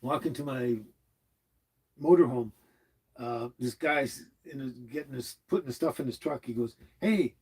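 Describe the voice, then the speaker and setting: A man's voice: mid-range voice, normal speed, husky, rough recording. A man hosting a casual live stream, rambling and chuckling as he answers his chat from inside his motorhome. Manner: rambling, chuckling, warmly chatty. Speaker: livestream host reading chat.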